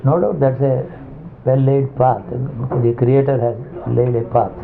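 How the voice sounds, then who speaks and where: A man giving a spiritual discourse as a teacher, halting and restarting as he searches for words. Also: mid-range voice, little pitch movement, vocal fry. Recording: tinny phone-like lo-fi recording with faint hiss.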